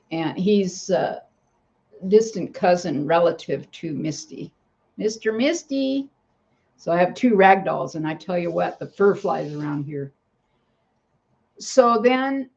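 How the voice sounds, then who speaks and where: Woman vlogger, gravelly low voice, slow rambling home storytelling, dull lo-fi sound. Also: darkish tone. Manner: rambling, breaks off to talk to her cats. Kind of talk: casual storytelling to camera.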